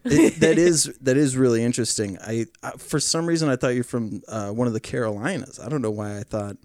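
A man's voice: mid-range voice, a little fast, darkish tone, dry recording, clean studio sound. A man hosting a podcast in casual chat, playful and jokey, jumping between topics. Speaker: podcast host.

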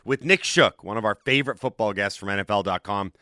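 A man hosts a morning sports radio show, his voice bright and forceful. He talks quickly and jokes around with his co-hosts. The studio sound is close and dry. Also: fairly low pitch, dry recording. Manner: upbeat, quick, joking banter. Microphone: studio broadcast microphone.

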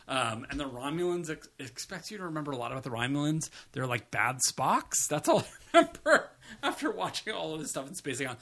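A podcast co-host chats casually in a rambling review conversation, swearing now and then. His medium-pitched voice is very animated, bright, and forceful, moving at normal speed with hardly any pauses.

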